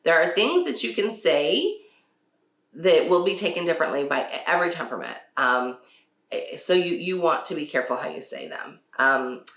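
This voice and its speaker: A woman talks casually about parenting in a lowish voice that swings up and down. She laughs often and acts out what her kids say. The sound is roomy and echoey. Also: lively intonation, moderate pace, fairly bright tone. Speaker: podcast host. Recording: echoey room.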